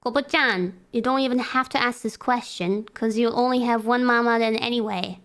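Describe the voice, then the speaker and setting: A young woman streamer chatting casually, excitable and teasing, breaking into squeals and laughs. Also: on the high side, normal speed, slight background noise. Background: background music.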